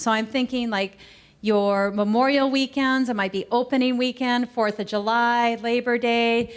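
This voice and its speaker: Lively middle-aged woman giving a training talk. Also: fairly high pitch. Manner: conversational, animated, acts out quoted exchanges. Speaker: customer service trainer. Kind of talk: training presentation. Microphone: recorded to camera.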